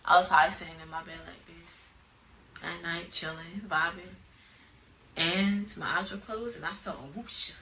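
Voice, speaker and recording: A young woman casually telling her personal testimony into a phone, animated and prone to sudden loud outbursts, with uneven volume. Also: fairly low pitch, a little slow, a little hiss or hum, rough recording. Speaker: person giving a religious testimony.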